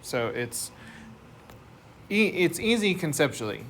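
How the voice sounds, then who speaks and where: A man's voice: mid-range voice, expressive, normal speed, bright, forceful tone. Male math teacher, mid-range voice, patient step-by-step lecturing, classroom noise audible. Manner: explains step by step, asks the class questions. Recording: noisy classroom recording.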